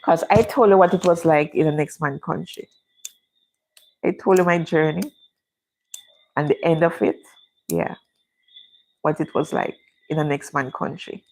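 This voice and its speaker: A woman's voice: sits low, measured pace, long pauses, darkish tone, rough recording. A middle-aged Jamaican woman with a Jamaican accent, chatting casually to viewers on her own livestream. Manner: chatty, speaks Jamaican English. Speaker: livestream host.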